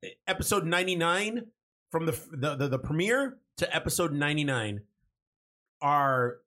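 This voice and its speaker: A man's voice: on the high side, very animated, moderate pace, pushed and bright. Enthusiastic young man, casual podcast chat. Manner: enthusiastic, swears, stumbles over words. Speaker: podcast co-host.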